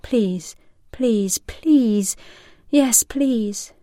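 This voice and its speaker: A woman's voice: fairly high pitch, very slow, dark tone, no room sound, clean studio sound, pitched above the performer's own voice. A woman voicing a desperate, pleading man. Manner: pleading, breathless, strained. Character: desperate restrained man begging for release.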